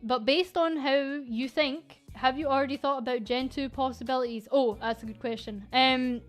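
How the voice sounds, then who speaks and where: A woman's voice: sits high, fairly even intonation, moderate pace, soft background music. A woman with a Scottish accent who runs a VTuber agency, answering viewer questions in a casual livestream. She talks frankly and jokingly, with plenty of fillers and restarts.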